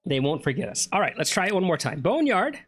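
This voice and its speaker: A man's voice: sits high, very animated, fast, a bit bright, husky. A man giving chatty let's play commentary, thinking aloud and questioning himself as he plays an old computer game. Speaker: gameplay streamer.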